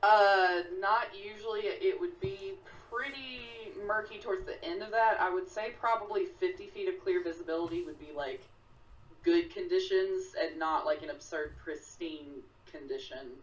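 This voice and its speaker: A woman joining a tabletop game and explaining things in a measured way. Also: fairly low pitch, recorded from a distance, lo-fi sound. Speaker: player.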